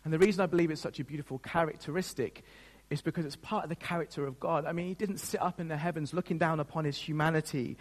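A male pastor preaches a sermon in an earnest, emotional tone. He often restarts his sentences as he speaks. His somewhat high voice carries a long hall reverb. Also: fairly even intonation, fast.

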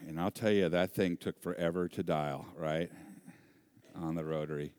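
A man preaching a sermon, an animated storyteller with self-deprecating humor. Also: low-pitched, normal speed, clear, resonant tone, no echo, clean studio sound. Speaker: pastor.

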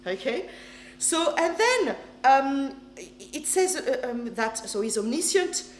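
Speaking slowly and expressively in a high-pitched voice, a woman delivers an emphatic sermon in English, not her native tongue. She often checks in with those listening, and the church hall recording is echoey with slight background noise.

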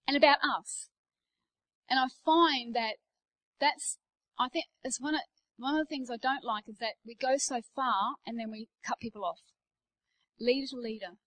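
A woman in her forties preaching to church leaders in a fairly high voice. She talks conversationally, drawing on her own family stories. She drops into quiet asides, then rises into emphatic declarations. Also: poor audio. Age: 40s. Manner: personal storytelling, swings between hushed asides and emphatic declarations. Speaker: pastor speaking at a leadership day. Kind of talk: conversational sermon.

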